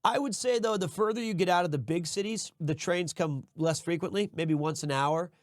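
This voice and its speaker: A man with a high-pitched voice talks at normal speed while hosting a stream and building a model set. He chats casually in an easygoing, rambling way, often restarting and correcting his sentences. The sound is clean studio quality with no echo.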